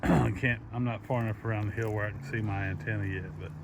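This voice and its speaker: A man's voice: fairly low pitch, steady tone, quick pace, gravelly. Rambling man filming a hilltop hike. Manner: rambling, folksy, pointing out landmarks. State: out of breath from climbing. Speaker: hiker filming his walk. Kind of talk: casual handheld vlog narration. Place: outdoors on a hillside. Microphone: phone held by the speaker. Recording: outdoor phone recording with noise.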